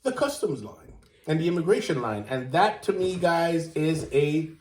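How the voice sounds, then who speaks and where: A man hosts a relaxed chat with a co-host, playful and emphatic in his delivery. His voice sits a little high for a man. The room gives it a noticeable echo. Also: normal speed. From Jamaica. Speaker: show host. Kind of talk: casual chat. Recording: roomy echo.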